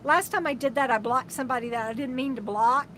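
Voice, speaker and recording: A woman's voice: sits high, quick pace, a bit bright, slight background noise. A woman hosts a casual RV live stream from inside her camper, reading viewer comments aloud in an affectionate, rambling way with many restarts. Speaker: RV travel vlogger, host of a live stream.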